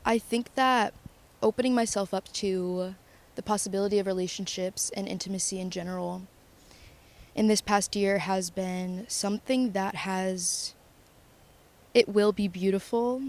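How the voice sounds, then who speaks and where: Young woman, confessional vlog, flat pitch, halting pauses, earnest and emotional. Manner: reflective, halting, with long pauses and restarts. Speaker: vlogger.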